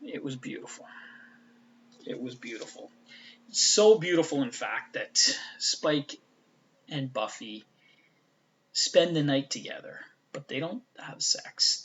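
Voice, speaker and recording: A man's voice: medium pitch, a bit bright, muffled recording. A man giving a casual, rambling fan recap. He swears freely and often trails off and restarts. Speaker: fan commentator.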